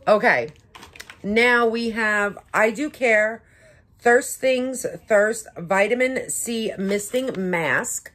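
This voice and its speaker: A young woman beauty vlogger unboxing makeup in a casual vlog, gushing with excitement and gasping over each item. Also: a little high, drawn-out words. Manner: gushing, breathless excitement with frequent gasps.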